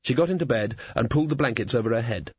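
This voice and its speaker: A man narrating an audiobook in an expressive, measured reading voice. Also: medium pitch, breathy edge. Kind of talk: scripted narration. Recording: slightly dull, dry studio sound.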